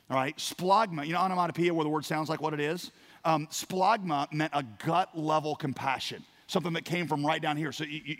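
A man preaching a sermon as a pastor, telling a parable with acted-out voices and swings from quiet to loud. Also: fairly high pitch. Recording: long hall reverb.

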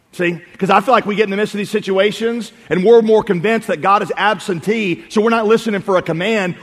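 A man preaching a sermon as pastor, animated, swinging from loud calls to quiet asides. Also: high-pitched, slightly rough. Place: church sanctuary. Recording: preaching in a reverberant hall.

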